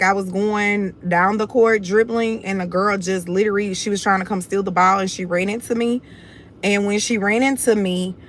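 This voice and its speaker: There's a little hiss or hum as a young Houston woman with a medium-pitched voice talks to her livestream viewers. She's confident and blunt, chatting casually in her Southern Houston accent and addressing them as "y'all."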